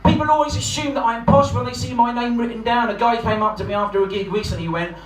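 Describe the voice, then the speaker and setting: A man's voice: very high-pitched, steady tone, fast talker, hardly any pauses. A man from Portsmouth, doing a brash, sweary, self-mocking stand-up set at a live comedy night. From Portsmouth, England. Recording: echoey live room, distant mic, noisy crowd.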